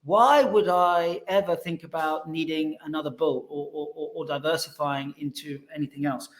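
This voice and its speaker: A man's voice: fairly high pitch, fairly even intonation, moderate pace, reverberant, close to an everyday voice. A man voicing a stubborn older male financial advisor, telling a mock-earnest story.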